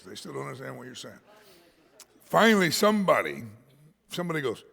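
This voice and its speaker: American pastor preaching, husky and lively, swoops all over, long church echo. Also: male voice, on the high side, fast. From United States. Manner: animated storyteller, shouts words for emphasis, self-deprecating humor. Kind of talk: expository sermon. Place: church sanctuary. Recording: church hall reverb.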